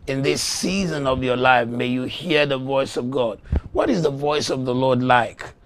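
A man preaching a sermon, slow and emphatic, rising to loud shouts when he acts out voices in a story. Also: medium pitch, a little hiss or hum. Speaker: pastor.

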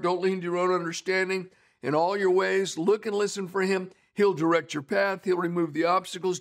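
A middle-aged man delivers a sermon in an earnest, conversational way, weaving in stories. His voice sits a little higher than most men's. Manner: earnest, conversational preaching with storytelling. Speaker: pastor.

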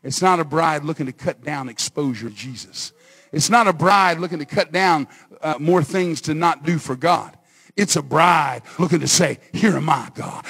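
A male pastor preaching a sermon, swinging from quiet asides to shouted exhortation and calling on the congregation to answer. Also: fairly high pitch, normal speed, breathy edge. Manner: calls on the congregation for responses.

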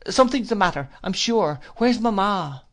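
A man's voice: expressive, normal speed, mellow. A man doing a frightened young boy. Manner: high, pleading and breathless. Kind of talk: audiobook character voice.

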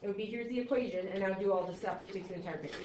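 Rapid-fire and somewhat dark in tone, a woman of medium pitch runs a math class, self-deprecating and talkative, firing questions at students as she goes. Sound is roomy, dull and lo-fi with faint noise.

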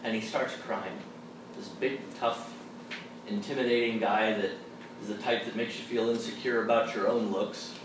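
A man, a Catholic theologian, telling stories to a college audience in an animated, humorous way and acting out the people he quotes. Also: fairly low pitch, moderate pace, recorded from a distance. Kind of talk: storytelling talk to a college audience. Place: large hall at a college. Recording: echoey room miked from afar with background noise.

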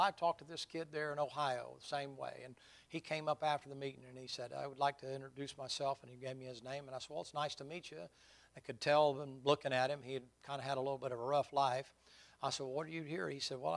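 A middle-aged man preaching with a gravelly, fry-touched voice at an everyday pitch. He tells his stories in a folksy, conversational way. Then he presses his points loudly and emphatically. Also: steady tone, quick pace. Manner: folksy storytelling, rising to loud emphatic preaching. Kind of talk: sermon with personal stories.

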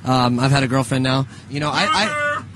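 A man's voice: mid-range voice, big pitch swings, normal speed. A young man in his twenties co-hosting a radio show, chatting casually in a rambling, joking way, full of restarts and laughter.

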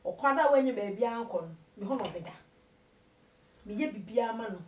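A woman telling her life story in an interview, an animated storyteller who switches between Twi and English. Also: a little high, brisk, reverberant, distant mic, a little hiss or hum, rough recording. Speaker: interview guest.

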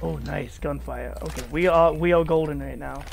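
A man's voice: on the high side, moderate pace, creaky, noisy background. A man chatting and swearing while playing a shooter game with friends, calling out orders to his squad. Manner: excitable, swears often, shouts to the team. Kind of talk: casual gaming chat over voice.

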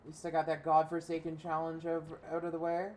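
A woman's voice: deep voice, completely flat delivery, fast talker, a little mellow, slight background noise. A young woman streamer giving casual gameplay commentary, ranting profanely and frustrated at the game. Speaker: gaming streamer.

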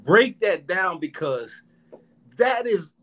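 A man's voice: high-pitched, big pitch swings, slow pace, fairly bright tone. An American man hosting an interview, emphatic and repeating lines for effect. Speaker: host. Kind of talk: interview chat.

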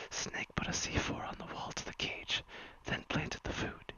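A streamer reading a silly story aloud in a soft whisper, as whispered role-play. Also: moderate pace, hardly any pauses, poor audio. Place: virtual-world stream.

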